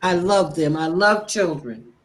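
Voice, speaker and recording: Her voice sits fairly low and is expressive as she preaches about faith on a talk show, heartfelt and impassioned. She swears bluntly and frankly, speaking slowly and deliberately.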